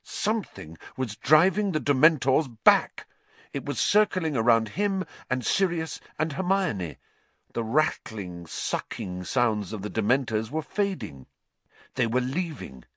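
A man narrating a story in a measured, dramatic way. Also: mid-range voice, fairly bright tone, no echo. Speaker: audiobook narrator.

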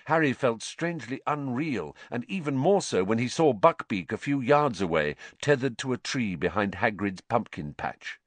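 A man narrating a story in an expressive storytelling manner. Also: mid-range voice, moderate pace, hardly any pauses, no echo. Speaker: audiobook narrator. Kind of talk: scripted narration.

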